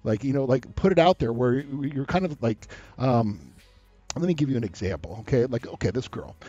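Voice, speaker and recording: A man giving dating advice in a loose, rambling monologue, animated and full of asides. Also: mid-range voice, fairly quick, breathy edge, no echo. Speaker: dating coach. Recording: dull lo-fi sound.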